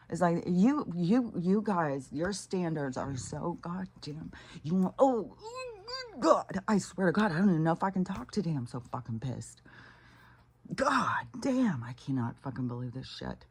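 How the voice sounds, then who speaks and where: A woman delivering an angry, profane rant as a vlogger, full of swearing and halting restarts. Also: sits low.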